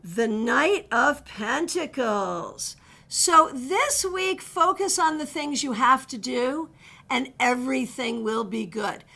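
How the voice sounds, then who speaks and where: Bright, high-voiced woman reading tarot. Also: slow, gravelly. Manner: chatty, direct, greets viewers by name. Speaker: tarot reader. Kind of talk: live-stream card readings.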